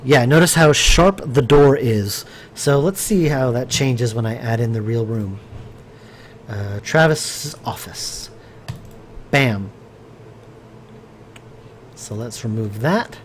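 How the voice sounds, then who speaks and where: Over slight background noise, a game developer talks slowly in a medium-pitched voice, leaving long pauses as he works on stream. It's casual thinking aloud, full of fillers and restarts, with replies to viewers in the chat.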